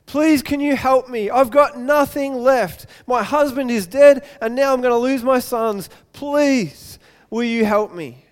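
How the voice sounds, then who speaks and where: A man's voice: very high-pitched, measured pace, hardly any pauses, in a large hall, voice pushed up. Man playing a desperate pleading widow. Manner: pleading, repeating herself.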